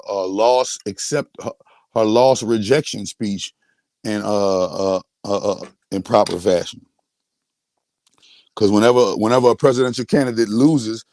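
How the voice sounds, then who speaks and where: A man's voice: fairly low pitch, a little mellow, no echo, studio quality. Boastful man ranting on a livestream. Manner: boastful, repetitive, restarts often. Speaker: host. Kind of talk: livestream rant.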